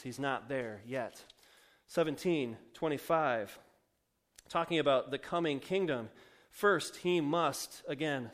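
A man's voice: mid-range voice, fairly bright tone. A male pastor preaching a sermon in a chatty, joking, self-mocking way with fillers.

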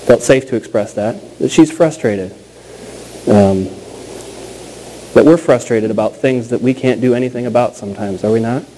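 A man in his thirties delivers a sermon in an easy, conversational voice of ordinary pitch. He tells stories with plenty of small fillers, then slows down and repeats the key lines to drive them home. A faint hiss of background noise sits under his voice. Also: dark tone, rough recording. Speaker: pastor.

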